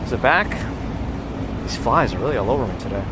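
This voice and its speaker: A man's voice: mid-range voice, animated, fast. A man live-streaming a walk, chatting casually and thinking aloud to his viewers. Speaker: live-streaming walking vlogger. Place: outdoors on a city street. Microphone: handheld gimbal camera mic. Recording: street noise behind a handheld camera mic.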